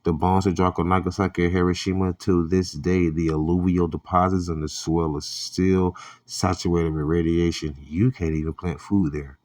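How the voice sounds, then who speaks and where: A man giving blunt, profane religious commentary on the news, reading scripture and leaping up in pitch when riled. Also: level tone, moderate pace, a little mellow. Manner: reads scripture aloud. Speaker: online preacher and commentator.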